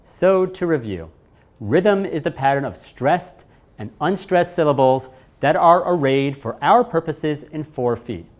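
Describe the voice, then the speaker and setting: A man narrating a scripted lesson, speaking in a measured way and stressing key words. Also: on the high side, animated. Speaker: teacher.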